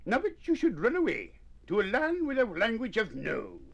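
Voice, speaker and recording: Man playing a calm male friend, patient, explaining, gravelly. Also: high-pitched, moderate pace, lo-fi sound, pitched above the performer's own voice, exaggerated voice.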